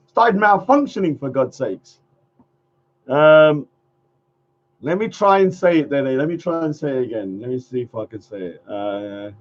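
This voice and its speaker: A man hosting a casual livestream chat, rambling, laughing often and trailing off mid-sentence. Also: high voice. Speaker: livestream host. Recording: dull lo-fi stream audio.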